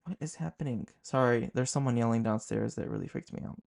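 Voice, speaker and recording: A young man casually recounting a scary night in a vlog, with an animated, dramatic delivery and lots of "like". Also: mid-range voice, brisk, gravelly. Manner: animated, fillers of "like", dramatic retelling. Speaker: horror storyteller host.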